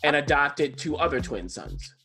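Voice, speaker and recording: A man's voice: a little high, animated, normal speed, pushed and bright, faint music behind. A man co-hosting a podcast, chatting enthusiastically through a TV show review with plenty of restarts and asides. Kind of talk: casual TV review chat.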